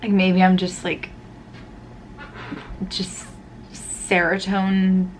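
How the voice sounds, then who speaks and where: A woman's voice: on the low side, completely flat delivery, takes it slowly, slight background noise. A woman vlogging casually to camera, drained and tearful after a stressful exam, rambling with many fillers.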